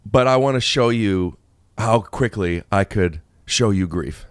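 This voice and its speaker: A man's voice: lowish voice, expressive, unhurried, clear, resonant tone, dry recording, studio quality. A young man from Ohio hosting a podcast, playful and teasing, joking with his guest. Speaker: podcast host. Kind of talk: casual podcast conversation. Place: podcast studio.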